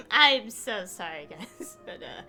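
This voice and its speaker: A woman's voice: fairly high pitch, big pitch swings, slow pace, pushed and bright, soft background music. A woman streaming a video game, giggling and gushing about her favorite characters. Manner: giggly, gushing fan reactions. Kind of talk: live game stream commentary.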